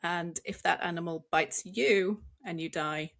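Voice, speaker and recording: Measured woman explaining science. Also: lowish voice, gravelly, fairly bright tone. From United Kingdom. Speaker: zoologist co-host. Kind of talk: explaining facts in a podcast.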